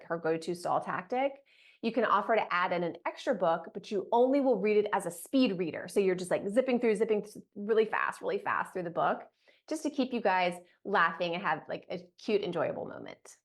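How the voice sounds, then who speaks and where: A woman's voice: fairly low pitch, lively intonation, fairly quick. Casual chatty woman giving parenting tips. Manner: casual, frequent "like" fillers. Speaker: toddler sleep coach; mother. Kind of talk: direct-to-camera parenting tips.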